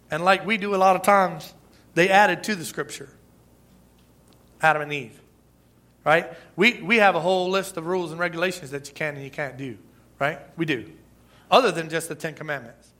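A man preaching a sermon in a lively, conversational way, with asides, chuckles and emphatic peaks. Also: a little high, normal speed, pauses often. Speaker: pastor.

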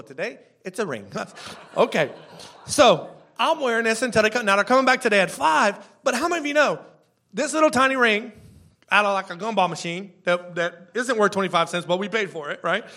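A man's voice: sits high, pushed and bright. A man in his thirties preaching a casual sermon, chatty, repeating words and asking the congregation questions. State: tearful at times. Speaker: pastor.

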